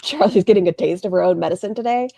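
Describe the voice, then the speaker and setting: A woman's voice: medium pitch, quick pace, creaky, mellow, no room sound. A woman streamer giving blunt, mocking, profane commentary while she watches another stream and reads chat. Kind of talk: casual commentary.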